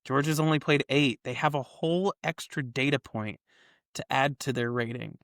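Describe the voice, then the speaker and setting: A man talks through football rankings in an easy, chatty podcast voice, laying out his reasons one point at a time. His voice sits at an ordinary middle pitch. The sound is close and dry, with no room echo. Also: moderate pace, a bit bright. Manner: explains the model's logic at length, builds points step by step. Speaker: co-host of a college football ratings show. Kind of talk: casual podcast chat.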